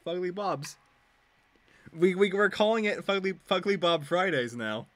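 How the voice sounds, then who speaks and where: A man's voice: high-pitched, a little slow, a bit bright, no echo. A young man streaming as he reads a web serial aloud, breaking off into casual, sweary, joking commentary. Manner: laughs a lot, swears freely, goes off on tangents.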